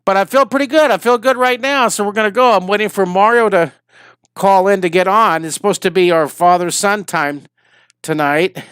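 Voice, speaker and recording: Tired and slightly wheezy, a drawing teacher in his fifties makes casual, rambling conversation with viewers on a live stream. His high-pitched voice moves at normal speed, fairly bright, clear and resonant, in a clean studio recording with no echo.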